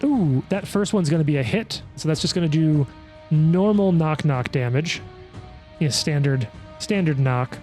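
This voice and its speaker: A man's voice: a little high, animated, darkish tone, soft background music. Man calling dice rolls like an auctioneer. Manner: rapid auctioneer-like play-by-play. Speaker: game master. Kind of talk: narrating a tabletop game.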